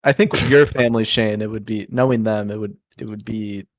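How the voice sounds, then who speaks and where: A man's voice: fairly low pitch, steady tone, brisk, dry recording. A man from the United States co-hosting a crude comedy podcast, joking and self-mocking, often trailing off and restarting. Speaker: podcast co-host.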